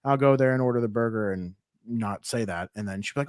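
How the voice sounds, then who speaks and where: A man's voice: medium pitch, quick pace, darkish tone, dry recording. Man, 30s, podcast co-host, blunt joker, swears a lot, dry close sound. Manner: blunt, joking, profane. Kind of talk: casual chat.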